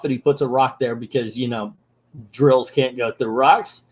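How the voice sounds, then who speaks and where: An older man recapping a comic book in a casual, sarcastic way, mocking the story and acting out its lines in quick voices. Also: mid-range voice, steady tone.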